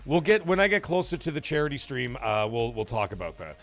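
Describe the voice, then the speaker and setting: Regular-pitched guy hosting a live stream, rambly and swears a lot, lots of uhs, bit of music faint behind him. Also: sing-song, brisk, a bit bright. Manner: rambling, swears freely, many fillers and restarts. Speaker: streamer and show host. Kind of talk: casual live-stream chat answering viewers.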